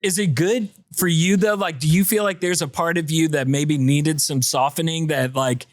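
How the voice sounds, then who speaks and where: Enthusiastic podcast host, higher voice. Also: male voice, steady tone, moderate pace, no echo, studio quality. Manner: enthusiastic, reflective, calls people dude. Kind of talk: casual chat.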